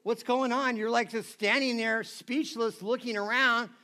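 A man's voice: extremely high pitch, steady tone, a little slow, bright, forceful tone, heavily acted. A man voicing a confused young man from a traveling gang, asking puzzled questions.

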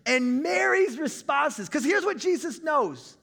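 A male pastor in his thirties preaching a conversational sermon, breaking into shouts now and then. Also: extremely high pitch, big pitch swings, a little slow, vocal fry, in a large hall.

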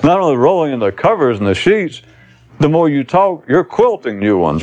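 A man's voice: medium pitch, very animated, fairly quick. A man giving a recorded spiritual talk to an audience, rambling and blunt, swearing casually as he teaches.

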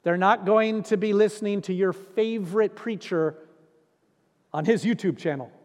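A man's voice: high-pitched, normal speed, a little mellow. A middle-aged man preaching a sermon as pastor, earnest and emphatic, repeating key phrases for weight. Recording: long reverb in a large hall.

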